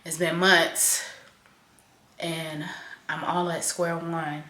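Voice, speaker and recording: A young woman venting candidly to camera in a home vlog, swearing freely and swinging between loud outbursts and soft, quiet admissions. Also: sits low, level tone, extremely slow. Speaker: vlogger. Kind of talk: raw confessional venting to camera. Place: home kitchen, in doors. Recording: echoey room.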